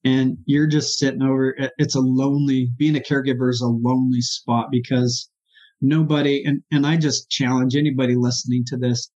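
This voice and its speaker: A man, a therapist, telling his personal story as an interview guest in an earnest, halting, emotional way. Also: mid-range voice, flat delivery, dark tone. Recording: dull lo-fi sound.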